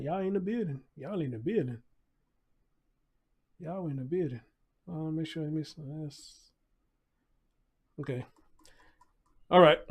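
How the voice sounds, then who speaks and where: A man's voice: fairly high pitch, darkish tone. A man hosting a livestream, talking loosely in casual commentary, repeating his points and greeting viewers in the chat.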